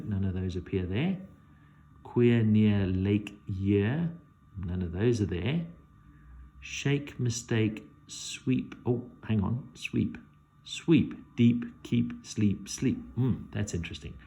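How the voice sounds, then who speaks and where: Gravelly, mellow-voiced male teacher. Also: lowish voice. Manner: measured, thinking aloud. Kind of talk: poetry lesson.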